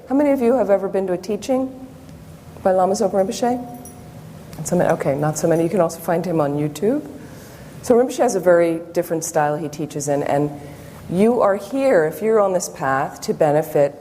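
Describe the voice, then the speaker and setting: Warm-voiced woman teaching in a hall. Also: fairly low pitch. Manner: lively storyteller acting out her own inner thoughts. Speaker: Buddhist nun teacher. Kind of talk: public dharma talk with personal stories. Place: meditation center hall. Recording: long hall reverb, faint background noise.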